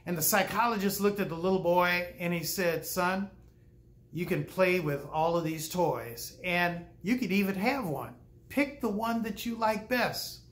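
An older man, a pastor, telling stories in a sermon with a folksy manner, pausing often and acting out quoted speech. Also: high voice, fairly bright tone. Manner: folksy, with frequent "uh" pauses and acted-out quotes. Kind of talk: storytelling sermon.

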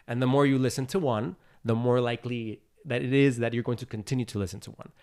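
A man appears as a guest on a casual podcast interview, talking fast at a medium pitch. He explains his views earnestly, in animated storytelling where he acts out little voices.

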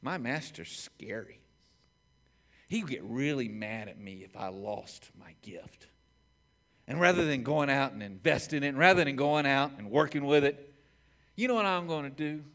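A man's voice: medium pitch, expressive, moderate pace, a bit bright, natural voice. A pastor voicing a frightened, lazy male servant who pleads nervously with his master. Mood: scheming.

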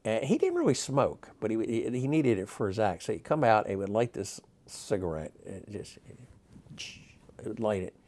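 A man in his sixties, a magic historian, telling stories in an interview, animated and rambling with many fillers and restarts. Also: on the low side, normal speed. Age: 60s. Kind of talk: interview storytelling.

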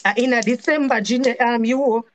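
A woman with a strong Jamaican accent vents on a live stream in a high-pitched voice. She circles back over the same points and swears freely in patois. The rant runs long and stays heated. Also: fairly even intonation, moderate pace, crowd noise. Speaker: channel host.

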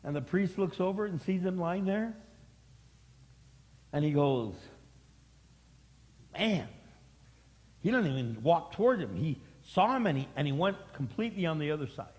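A middle-aged male pastor preaches in a fairly high voice, repeating his phrases as he builds them up. The sound is recorded in a church hall, and a long reverb trails behind each line. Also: big pitch swings, normal speed, a little mellow. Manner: repetitive, dramatic preaching. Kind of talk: sermon.

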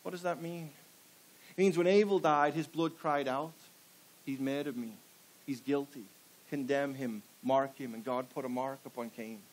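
Guy preaching in church, kinda high voice, keeps asking the crowd questions, punchy delivery. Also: steady tone, normal speed, poor audio. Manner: fires rhetorical questions at the congregation; emphatic, call-and-response preaching. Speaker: pastor. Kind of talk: sermon. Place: church before a live congregation.

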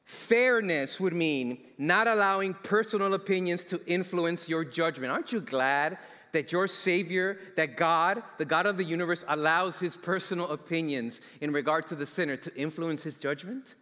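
Fairly high-voiced man preaching in a reverberant church. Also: moderate pace, bright, forceful tone. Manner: storytelling, asks the congregation questions. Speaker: guest preacher. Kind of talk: sermon. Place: church sanctuary. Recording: long church hall reverb.

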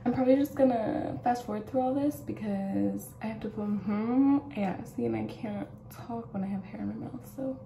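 A woman's voice: on the high side, normal speed, creaky, few pauses, dark tone, a little hiss or hum. A young woman vlogging casually at home as she gets ready, chatty and rambling, often laughing. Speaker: beauty vlogger. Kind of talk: casual get-ready-with-me chat. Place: at home, in her room and closet. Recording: roomy echoey room.

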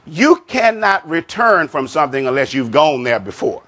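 A male pastor preaching a sermon in a slightly higher voice. He leans on single words, draws out scripture phrases and lets his voice fall low and quiet to close each point. He sprinkles amen and child of God throughout. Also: big pitch swings. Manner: repeats and stresses key words, stretching scripture phrases slowly; drops pitch and volume at the end of a point.

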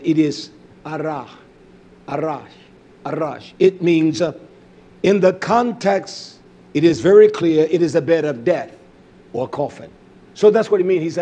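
A man preaching a sermon, shifting from loud emphatic exhortation to low intense delivery. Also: husky.

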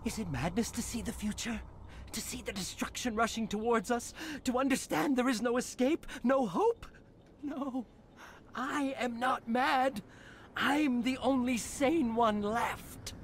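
A woman's voice: fairly high pitch, unhurried, a little hiss or hum. A woman voicing an unstable scientist who rants grim prophecies of doom in a video game. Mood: defiant. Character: unhinged doomsaying male scientist.

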